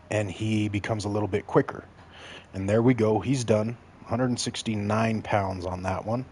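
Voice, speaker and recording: A man with a lowish voice chats his way through a game stream, cracking jokes and talking directly to his viewers. He is from Mexico and keeps things loose and casual, with a faint hum of background noise. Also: darkish tone. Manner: joking, chatty, talks straight to chat. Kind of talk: casual gameplay commentary.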